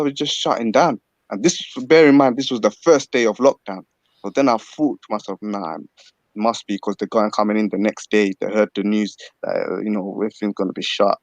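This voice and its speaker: A man's voice: lowish voice, no room sound. A man on a livestream panel, telling a rambling story and swearing and laughing often. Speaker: panel guest. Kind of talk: casual livestream chat. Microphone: video call.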